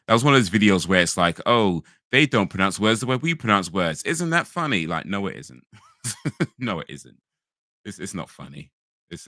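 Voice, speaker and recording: A man from England chats loosely to his stream viewers, circling back on himself and laughing at his own asides. His voice sits very low yet comes across bright and forceful. The sound is dry and close, with no room around it. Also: vocal fry, no echo. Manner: rambling, frequent restarts and fillers, laughs easily. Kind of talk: casual live-stream chat.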